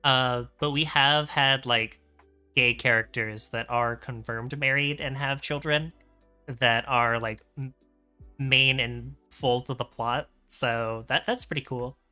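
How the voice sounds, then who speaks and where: A man's voice: medium pitch, steady tone, slow pace, bright, forceful tone, clean tone, faint music behind. A male streamer reading a fan story aloud with a guest, joking as he goes. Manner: reads narration, breaks off laughing and joking.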